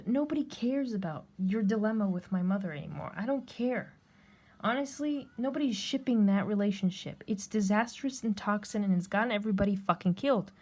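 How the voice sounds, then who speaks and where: A woman's voice: mid-range voice, a little mellow. A woman telling a personal story in a blunt, heated, profane rant, speaking straight to the camera. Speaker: vlogger.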